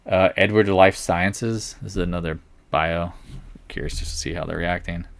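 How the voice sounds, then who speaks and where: Deep-voiced man musing over markets. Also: steady tone, moderate pace, vocal fry. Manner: thinks aloud, wry and blunt. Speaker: host of a live market stream. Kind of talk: live market commentary.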